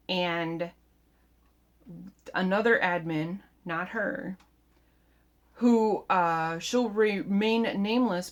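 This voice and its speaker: Rambling, frustrated woman vlogger. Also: fairly low pitch. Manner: rambling, frustrated, self-interrupting. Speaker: keto vlogger. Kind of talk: casual vlog monologue.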